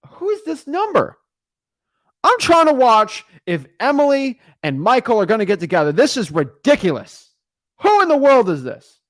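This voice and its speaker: A man's voice: expressive, brisk. A man voicing an irritated homeowner whose TV time is cut short by a cold call, complaining in an exasperated way. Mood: annoyed. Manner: exasperated, high-pitched complaining.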